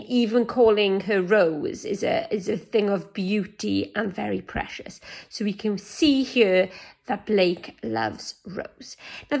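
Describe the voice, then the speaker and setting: A woman's voice: medium pitch, vocal fry. A woman teacher, giving a recorded lesson on essay writing in a chatty way, thinking aloud and often restarting her sentences. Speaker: English teacher.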